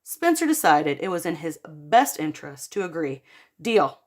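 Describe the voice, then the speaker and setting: A woman who teaches art reads a children's picture book aloud in an animated storytelling manner and talks directly to her young students. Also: low-pitched, normal speed.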